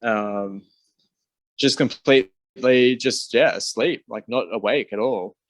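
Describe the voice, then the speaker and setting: An Australian man hosting a podcast, calmly reflecting on what his guest said. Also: medium pitch, slow pace, no echo. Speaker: podcast host. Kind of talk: casual conversation.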